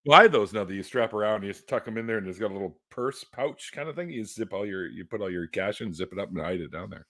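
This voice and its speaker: Deep-voiced man hosting a casual chat. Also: expressive, fast, fairly bright tone, dry recording, studio quality. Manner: reciting his own song lyrics, then joking bluntly. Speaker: podcast host. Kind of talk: casual conversation.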